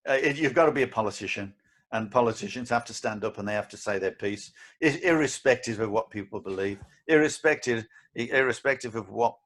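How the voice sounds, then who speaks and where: A man's voice: medium pitch, brisk, a bit bright. Outspoken man in casual podcast chat. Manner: forthright, speaks his mind, laughs often. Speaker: podcast co-host, martial arts guardian.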